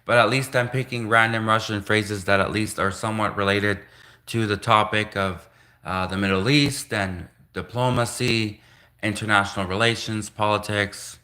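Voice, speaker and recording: A man hosting a casual livestream, talking in halting bursts and slowly sounding out practice phrases in a language he is learning. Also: lowish voice, fairly even intonation, pushed and bright. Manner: halting, restarts, slow careful reading of foreign phrases. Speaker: livestream host.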